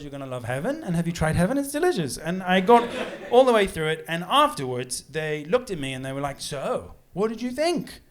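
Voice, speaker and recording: A man in his thirties performing a stand-up comedy set, telling stories with lively, shrill indignant outbursts. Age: 30s. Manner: animated storytelling, shrill outbursts when acting indignant. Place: pub comedy room with live audience. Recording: live pub gig with crowd laughter.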